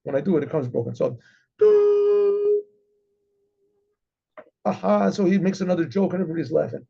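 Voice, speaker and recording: A rabbi telling a story in a rambling way, with many fillers and frequent throat clearing. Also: male voice, a little high, rapid-fire, muffled recording. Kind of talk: storytelling talk.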